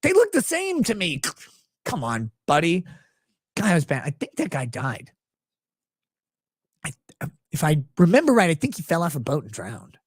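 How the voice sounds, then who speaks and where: A man hosting a livestream as a lawyer, telling a client anecdote in a crude, sarcastic, animated way. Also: fairly high pitch, moderate pace, long pauses, husky, no echo, clean studio sound. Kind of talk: casual livestream storytelling.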